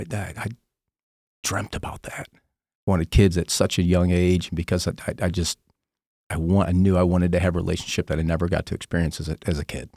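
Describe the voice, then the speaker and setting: A man's voice: low voice, gravelly, a little mellow, dry recording, clean studio sound. A man telling his personal testimony as a podcast guest, earnest, raw and emotional.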